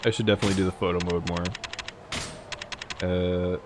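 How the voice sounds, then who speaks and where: A man's voice: low voice, flat delivery, fairly quick, noisy background. A young man streaming a game, rambling and joking with frequent swearing as he plays. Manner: rambling, jokey and profane. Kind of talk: casual gameplay commentary.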